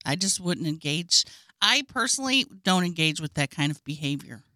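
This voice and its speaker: Woman co-host, calm and matter-of-fact, lively bright voice, dry close recording. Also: low-pitched, normal speed, no room sound. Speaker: podcast co-host. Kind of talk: casual chat.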